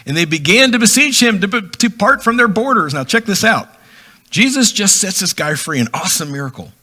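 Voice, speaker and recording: A man's voice: sits high, expressive, brisk, bright, forceful tone. A middle-aged man teaching from the Bible in a casual, conversational way, reading verses and then explaining them with asides. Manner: reads scripture then explains it in a chatty way, acting out voices with laughs. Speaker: preacher.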